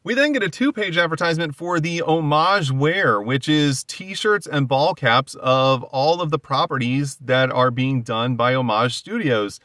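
A man's voice: a little high, measured pace, few pauses, bright, forceful tone, no echo. A man hosting a casual solo comic book commentary, talking animatedly with frequent fillers and exasperated asides.

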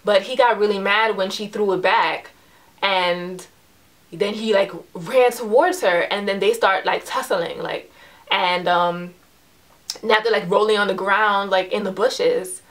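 Woman, 20s, from New York, casual chat, lots of likes and ums, animated storytelling, mid-pitched voice. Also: measured pace. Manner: chatty, heavy use of "like" and "um"; animated storyteller, voice rises when retelling the confrontation. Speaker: vlogger.

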